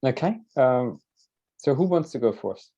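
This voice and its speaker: A man leads an online panel over a video call, thanking speakers and handing over the floor. His voice is dark and mellow at an ordinary middle pitch. He hesitates often and restarts sentences as he goes. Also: expressive, breathy edge, muffled recording. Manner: halting, many fillers and restarts. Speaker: moderator.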